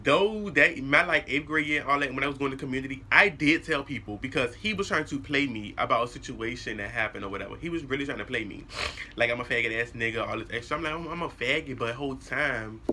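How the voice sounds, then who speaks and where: A young man telling a personal story to his viewers in a casual, animated way, blunt and full of cursing. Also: mid-range voice, quick pace, a little hiss or hum. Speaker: vlogger.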